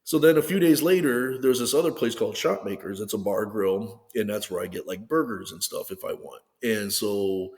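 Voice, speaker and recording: A man's voice: lowish voice, moderate pace, hardly any pauses, a little mellow, big-room sound. A man in his fifties, a guest telling stories in a loose, rambling way and acting out what others said. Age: 50s. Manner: rambling, acts out others' lines with "and I was like". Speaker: guest athlete. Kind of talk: casual storytelling.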